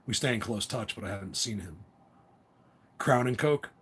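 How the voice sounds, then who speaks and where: A man's voice: lowish voice, lively intonation, normal speed, fairly bright tone, husky. A middle-aged man hosting a casual livestream chat, rambling and laughing often as he reads viewer comments. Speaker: livestream host.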